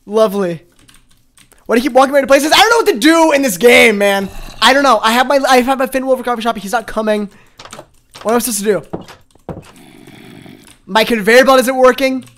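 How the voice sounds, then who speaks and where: A man streaming a game live, chatting with viewers, excitable and quick to laugh. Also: extremely high pitch. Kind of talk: live gaming stream chat.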